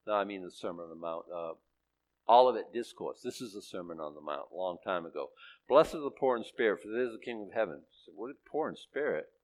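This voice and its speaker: Man, pastor, sermon, conversational, animated pitch, emphatic peaks. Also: fast.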